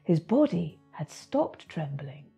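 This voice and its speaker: A woman, the author, reading her own children's book aloud in a gentle, expressive storytelling voice. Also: low-pitched, slow, creaky, husky, soft background music.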